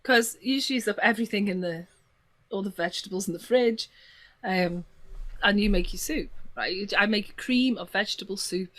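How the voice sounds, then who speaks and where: English woman, podcast guest, animated storyteller, middle pitch. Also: normal speed. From England. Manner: animated storyteller, gasps and laughs often. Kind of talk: casual chat.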